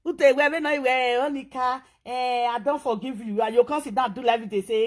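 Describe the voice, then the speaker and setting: A Nigerian woman speaking in an animated, scolding monologue and repeating herself for emphasis. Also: sits high, moderate pace, few pauses. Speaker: social media commentator. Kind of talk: casual monologue in Pidgin.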